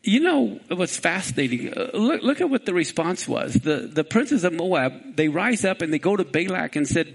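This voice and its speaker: A male preacher delivering a sermon, animated and full of rhetorical questions to the congregation. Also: sits high, normal speed, vocal fry, few pauses.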